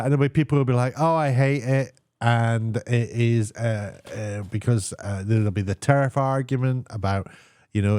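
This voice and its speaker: A man giving a casual spoken TV review, sarcastic and meandering, often pausing to search for words. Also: on the low side, warm tone, no room sound, clean studio sound.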